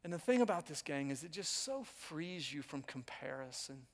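A man in his fifties preaching a sermon in a church auditorium, with a conversational, self-mocking delivery. His voice sits high for a man. The voice rings with long hall reverb. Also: sing-song, normal speed. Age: 50s. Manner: conversational and self-mocking, addresses congregation directly. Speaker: pastor.

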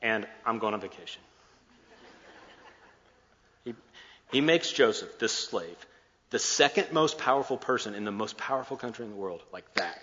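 A man's voice: mid-range voice, expressive, moderate pace, fairly bright tone. A man preaching a sermon, retelling a scripture story casually, acting out the dialogue and slipping in jokes. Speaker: pastor. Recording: muffled, echoey hall sound.

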